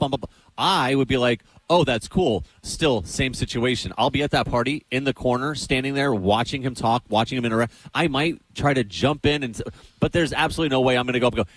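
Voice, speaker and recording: A young man co-hosting a radio show, chatting casually in a rambling, self-deprecating way. He stumbles and restarts often, sounding awkward, at an ordinary male pitch. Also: lively intonation, quick pace, no echo, poor audio. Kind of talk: casual on-air banter.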